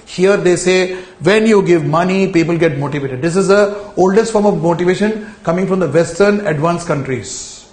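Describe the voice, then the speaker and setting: A male lecturer explains ideas to a class. His voice sits a little high for a man. He repeats words and tells students to underline terms, and the room gives his voice a strong echo. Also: normal speed, few pauses, darkish tone.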